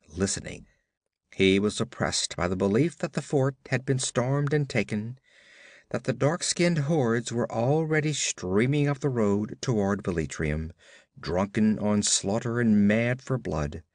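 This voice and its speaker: A man giving expressive, dramatic audiobook narration of a pulp adventure. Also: medium pitch, no echo, clean studio sound.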